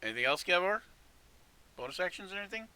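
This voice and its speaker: A man's voice: high voice, expressive, quick pace, pushed and bright, clean tone. A man running a tabletop game as game master, easygoing and laughing often while tallying damage. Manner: easygoing, laughs often, tallies numbers aloud.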